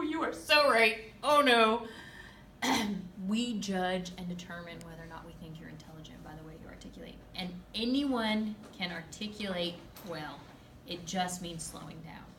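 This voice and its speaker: Woman, speech teacher, lively classroom lecture, lowish voice, heard from across a reverberant room. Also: slight background noise. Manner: lively, emphatic, playful asides to students. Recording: echoey classroom from far off, faint ambience.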